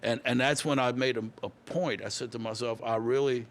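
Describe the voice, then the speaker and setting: A man's voice: medium pitch, brisk, fairly bright tone, slight background noise. A man, telling stories as a guest in a casual interview, often repeating and restarting words. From Louisiana. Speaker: guest musician.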